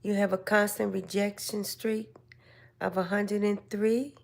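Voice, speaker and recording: An older woman hosting a casual live stream chat, giving slow, gentle, motherly advice to her viewers. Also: medium pitch, level tone, vocal fry.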